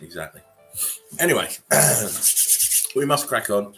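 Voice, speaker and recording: A man hosting a casual livestream chat, relaxed and rambling as he greets viewers and laughs between remarks. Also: medium pitch, slow pace, gravelly, soft background music. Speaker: livestream host.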